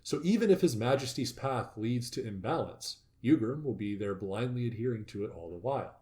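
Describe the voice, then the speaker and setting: A man hosting a casual discussion, reading notes aloud and growing loudly excited, with some swearing. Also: medium pitch, a little fast. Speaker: podcast host.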